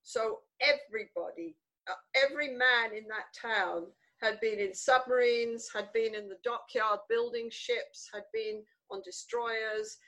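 An older woman, a guest in an interview, telling stories from her childhood in an animated, emphatic way. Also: a little high, a little slow, poor audio. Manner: animated, emphatic, repeats words for stress. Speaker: guest author. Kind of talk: conversational interview storytelling.

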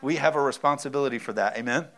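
A man's voice: mid-range voice, very fast, a bit bright. A man in his thirties, a pastor preaching a sermon with emphasis and often calling out for an amen.

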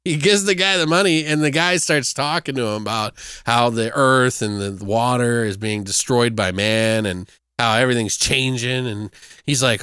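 A man's voice: medium pitch, moderate pace, clean tone, dry recording, clean studio sound. A man in casual chat, retelling a movie plot with lots of swearing and acting out the characters' lines. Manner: profane, animated, acts out characters' lines.

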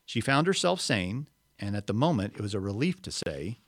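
A man reading a story aloud expressively, pausing for explanatory asides. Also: lowish voice, very animated, dry recording, studio quality. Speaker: reader.

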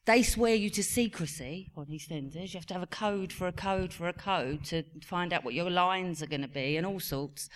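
A woman in her forties with an English accent telling a lively family story on stage, acting out the voices of her sons. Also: on the low side, normal speed, few pauses. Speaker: actress on a reunion panel. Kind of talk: live stage Q&A anecdote. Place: cinema venue on stage.

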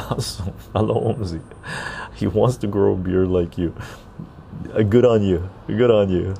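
A man's voice: low voice, unhurried, creaky, long pauses, warm tone, slight background noise. A man hosting a casual outdoor podcast, chatting easily with viewers and tagging his sentences with "right?". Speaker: podcast host. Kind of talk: casual chat while reading live chat. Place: outdoor patio garden.

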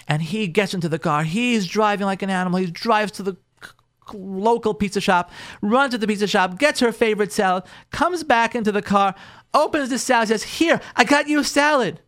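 A man, a rabbi, telling a story in an animated way and acting out each character's lines. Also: high voice. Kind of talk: storytelling talk.

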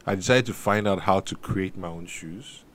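A man, a guest in a studio, telling the story of how he founded his business in a relaxed, measured way. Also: low voice. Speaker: guest, sneaker company founder. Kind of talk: interview storytelling.

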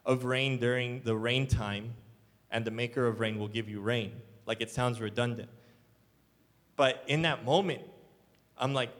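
A man's voice: mid-range voice, fairly bright tone. A man, a church elder, preaching a sermon in an earnest, rambling storytelling way with many fillers. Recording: long hall reverb.

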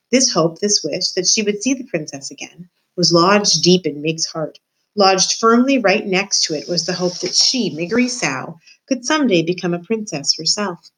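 A woman's voice: fairly low pitch, lively intonation, moderate pace, fairly bright tone, slightly rough, low-quality recording. A woman student reading a children's novel aloud, speaking to the reader directly.

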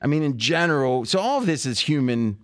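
A man's voice: mid-range voice, animated, brisk, dry recording, studio quality. A man hosting a sports betting podcast, rambling and thinking aloud with lots of fillers and restarts. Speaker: podcast host. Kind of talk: casual sports betting chat.

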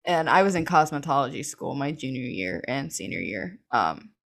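A woman's voice: extremely low pitch, big pitch swings, moderate pace, gravelly, a bit bright. A young woman telling a personal story as an interview guest, chatty and full of fillers, laughing often.

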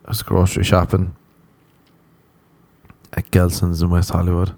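A man's voice: low-pitched, completely flat delivery, moderate pace, warm tone, no echo. A man hosting a casual solo podcast, rambling, swearing and mocking himself, often laughing. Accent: non-American. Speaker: podcast host.

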